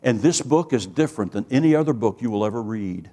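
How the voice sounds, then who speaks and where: A man's voice: medium pitch, animated, fairly quick, few pauses, a little mellow, in a large hall. A man preaching a sermon with earnest emphasis, building through rising lists of phrases and telling stories with quoted dialogue.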